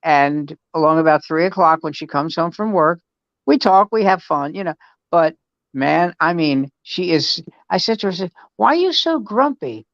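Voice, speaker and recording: A man's voice: on the high side, moderate pace, no echo, lo-fi sound. A man in his seventies, a veteran comedian, casually telling stories and acting out his family's lines over a video call. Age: 70s. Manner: animated storyteller acting out family dialogue. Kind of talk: casual storytelling chat.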